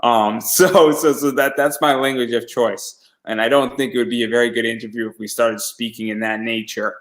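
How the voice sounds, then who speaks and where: A man's voice: mid-range voice, steady tone, moderate pace, fairly bright tone, rough recording. A man from the United States hosting a casual interview, chatty and self-deprecating, often restarting his sentences. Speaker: podcast host.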